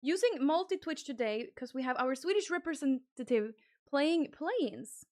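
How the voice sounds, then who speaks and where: A young woman streaming live, chatting casually and squealing excited thanks to donors. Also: high voice, moderate pace, dry recording, studio quality.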